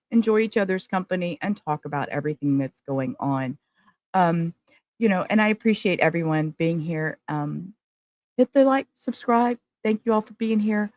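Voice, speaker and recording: A woman's voice: lowish voice, animated, normal speed, a little mellow, no echo. A woman hosting a casual livestream, talking emotionally and straight to her viewers. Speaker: livestream host.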